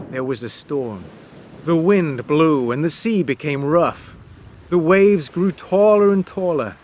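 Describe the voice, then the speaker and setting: A man narrating a graded-reader story for English learners, reading slowly and clearly. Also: a little high, no echo, studio quality. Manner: slow, clear, expressive reading. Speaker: audiobook narrator.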